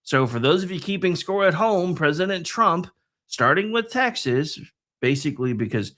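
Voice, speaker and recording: A man hosting a political talk show, delivering a sarcastic, digressive commentary monologue that swings between loud and soft. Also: fairly high pitch, animated, moderate pace.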